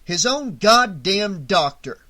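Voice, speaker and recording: A man voicing a skeptical small-town sheriff who talks loudly, brusquely and with scorn in an audiobook reading. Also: high-pitched, big pitch swings, slow, voice pushed up, exaggerated voice. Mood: barking orders. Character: gruff small-town male sheriff, skeptical and short-tempered.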